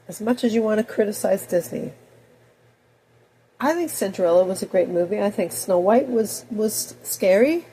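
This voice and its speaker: A woman in her fifties with a cold, talking in a rambling personal monologue that swings between loud outbursts and soft mutters. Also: medium pitch, moderate pace, a little hiss or hum, rough recording. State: has a cold. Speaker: video blogger.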